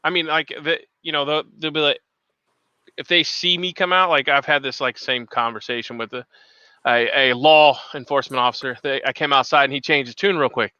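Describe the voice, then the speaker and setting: Bright, crisp man joking with bravado. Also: mid-range voice, fairly even intonation, fairly quick, no room sound, muffled recording. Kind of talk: casual chat.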